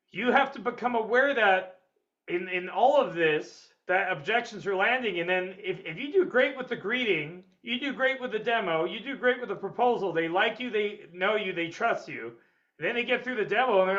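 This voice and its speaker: A man with a high-pitched voice leads a sales seminar. He is energetic and blunt and swears freely. The audio is dull and lo-fi. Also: moderate pace. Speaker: sales trainer. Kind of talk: webinar seminar lecture.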